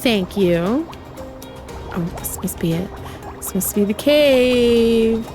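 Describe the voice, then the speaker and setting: Slow-talking high-voiced woman streamer. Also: faint music behind. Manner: chatty, excitable, gasping and fangirling. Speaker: game streamer. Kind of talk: casual gameplay chat.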